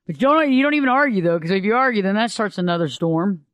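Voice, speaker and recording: High-voiced man giving relationship advice. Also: quick pace, smooth, dry recording, lo-fi sound. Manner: animated, acts out quoted voices. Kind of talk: casual advice monologue.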